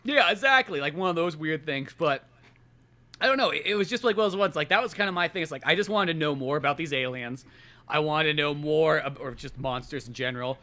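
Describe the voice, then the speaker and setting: A man's voice: a little high, quick pace, pushed and bright. A man hosting a podcast, rambling profanely and acting out movie scenes as he retells them. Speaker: podcast host. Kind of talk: casual podcast chat.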